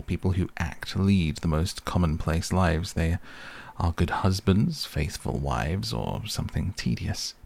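A man's voice: low voice, vocal fry, darkish tone, dry recording. A man reading as a cool, self-absorbed young aesthete.

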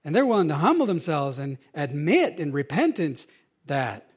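A middle-aged man, a pastor, preaching a sermon in an animated, conversational way, asking his audience questions. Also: on the high side, normal speed, husky.

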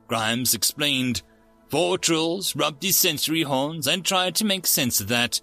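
A man narrating a science fiction story as the host of his channel, with a steady storytelling manner. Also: mid-range voice, slow pace, faint music behind.

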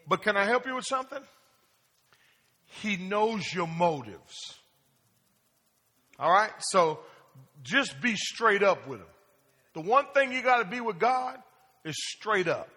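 A man's voice: high-pitched, very animated, unhurried, pauses often, bright, forceful tone. A male pastor preaching a sermon in a plain-spoken style, asking the congregation questions and acting out casual prayers. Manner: call-and-response preaching, asks the congregation questions. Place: church sanctuary. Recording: long hall reverb.

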